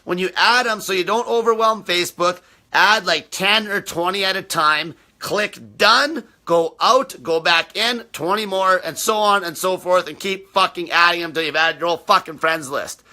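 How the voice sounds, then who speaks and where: A man's voice: high voice, moderate pace, sharp tone. A man hosting a live stream, answering viewer questions in a blunt, combative rant and swearing nearly every sentence.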